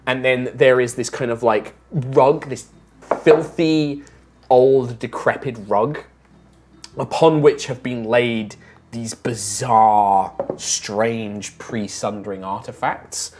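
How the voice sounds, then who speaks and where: A woman's voice: a bass voice, fairly even intonation, takes it slowly, noisy background. A woman narrating as game master of a tabletop game, describing scenes in a loose, rambling way full of fillers.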